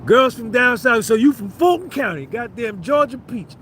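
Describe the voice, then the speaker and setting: A man with a New Jersey accent and an unusually high voice rambles through a casual livestream, cursing freely and calling out to viewers in the chat. Faint traffic hums behind him. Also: lively intonation, normal speed, sharp tone. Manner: profane, rambling, banters with chat. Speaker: livestream host.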